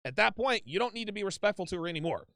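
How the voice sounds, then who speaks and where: A man's voice: sits high, lively intonation, racing, a bit bright, no echo, studio quality. A man hosting a call-in advice show, talking bluntly and emphatically with plenty of swearing. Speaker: host taking calls.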